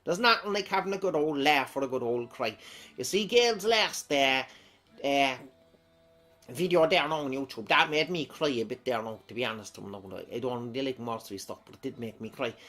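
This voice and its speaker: A man's voice: mid-range voice, moderate pace, fairly bright tone. An Irish man reading out viewer comments in a chatty, rambling way, often breaking into laughter. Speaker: comedic vlogger.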